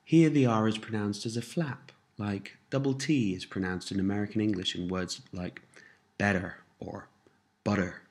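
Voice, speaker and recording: A man giving an audio language lesson, prompting phrases and explaining pronunciation in a deliberate instructional manner. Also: on the low side, a little mellow. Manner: slow, deliberate instructional delivery with repeated prompts. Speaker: language teacher.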